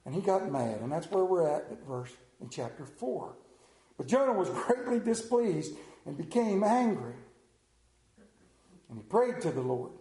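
A male pastor preaching a sermon, animated and self-deprecating, acting out scripture as he goes. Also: high-pitched, normal speed, roomy sound.

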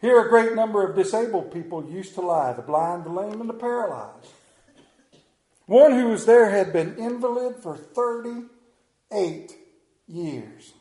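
A male pastor preaching in a church sanctuary. He tells stories in a folksy way, with a somewhat high, mellow voice, and the room gives it a roomy echo. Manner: folksy storyteller. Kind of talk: sermon with storytelling and scripture reading.

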